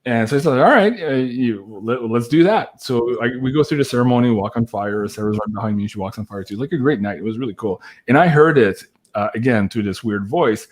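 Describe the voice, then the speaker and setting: A man telling a long personal story in a casual chat, animated, laughing and swearing now and then, with lots of "like" fillers. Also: mid-range voice, fairly quick. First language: French. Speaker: guest storyteller.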